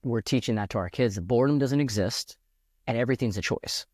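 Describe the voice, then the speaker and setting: A man in his thirties speaks as a podcast guest in an earnest, reflective way. He thinks aloud and often restarts his sentences. His voice sits at a middle pitch, recorded dry and close with no room sound. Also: quick pace, darkish tone, dry recording. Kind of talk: reflective casual conversation.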